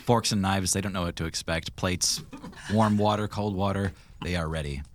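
A man narrating a tabletop game as game master, in relaxed, descriptive narration. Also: low voice, normal speed, a little hiss or hum.

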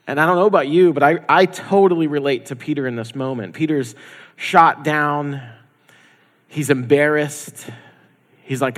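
A man's voice: a little high, normal speed, a bit bright. Man preaching in a reverberant church. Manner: conversational, acts out dialogue in quoted voices. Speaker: pastor. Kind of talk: sermon. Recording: long hall reverb.

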